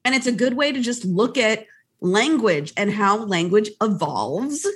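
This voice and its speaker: A woman talking as a podcast guest in casual chat, animated and laughing often as she acts out little quoted exchanges. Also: medium pitch, a little slow, breathy edge.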